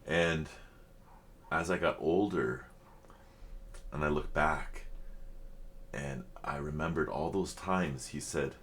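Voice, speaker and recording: A middle-aged man with an extremely low, deep voice chats casually and reflectively to his viewers. He speaks in a halting, heartfelt way, pausing and restarting often. He is openly emotional as he shares his thoughts. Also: a bit bright. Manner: halting, many fillers and restarts. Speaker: reaction video host.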